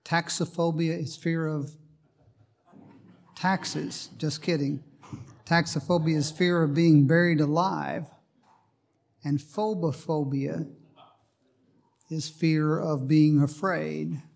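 A male preacher delivering a sermon in a somewhat high voice. He speaks slowly and deliberately, telling a light story and slipping in a joke before turning to scripture. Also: steady tone, vocal fry, a little mellow. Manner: storytelling with a joking aside, then Bible reading.

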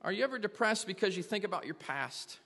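High-voiced pastor preaching in a hall. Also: male voice, animated, quick pace, fairly bright tone. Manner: earnest, asks the congregation repeated questions. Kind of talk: sermon.

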